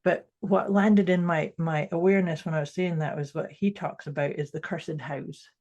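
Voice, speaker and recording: A woman's voice: low-pitched, steady tone, normal speed, darkish tone, highs cut off. A woman co-hosting a motivational mindset podcast, speaking reflectively and often restarting her sentences. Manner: reflective, with frequent restarts and self-corrections. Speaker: podcast co-host.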